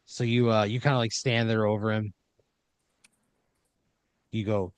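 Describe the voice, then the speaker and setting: A man's voice: lowish voice, level tone, unhurried, long pauses, clear, resonant tone, dry recording, dull audio. A man improvising a second-person story as a podcast storyteller, rambling with uhs and restarts.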